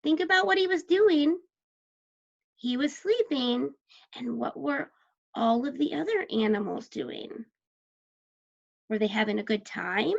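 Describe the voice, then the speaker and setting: A woman's voice: high voice, lively intonation, measured pace, vocal fry, pauses often, muffled recording. A woman teacher guiding children through a story with patient questions.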